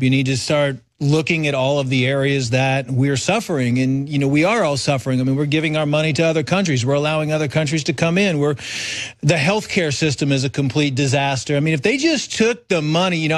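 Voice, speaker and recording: An earnest male guest on a talk show runs through a list of grievances. His voice sits a touch high for a man and sounds dry and close. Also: no room sound.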